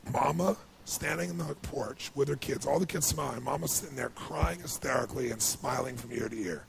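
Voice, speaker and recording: Male motivational speaker, heavily rasped fry, mid pitch, dynamic storyteller who goes quiet then surges loud and high. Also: a little hiss or hum. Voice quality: gravelly. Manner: swings from hushed to loud and high when moved. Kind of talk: emotional storytelling speech.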